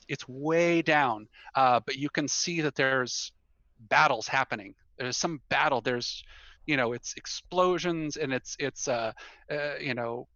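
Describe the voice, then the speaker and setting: A man's voice: mid-range voice, pushed and bright, no room sound, muffled recording. A man narrating as game master in a rambling way, full of fillers and frequent laughter.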